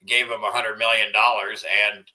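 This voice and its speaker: Brief: man, low voice with a forceful edge, profane and angry, home livestream rant. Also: little pitch movement, moderate pace.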